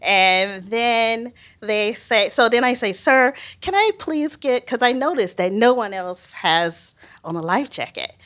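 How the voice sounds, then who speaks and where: A woman biologist telling a personal story on stage in a lively, laughing way. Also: mid-range voice, measured pace. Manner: lively, laughing, animated retelling. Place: stage before a live audience.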